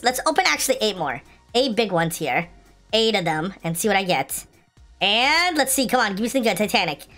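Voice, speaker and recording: A young adult woman giving casual gameplay commentary, pleading for good loot, complaining and then cheering. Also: sits high. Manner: excitable, pleading, complains then shouts with joy. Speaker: gaming video host. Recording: light music in the background.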